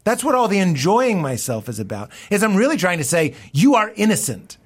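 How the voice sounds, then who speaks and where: Excitable laughing comedian man. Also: brisk, breathy edge. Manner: excitable, laughing, voices quotes with big pitch jumps. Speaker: comedian guest. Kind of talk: casual podcast chat.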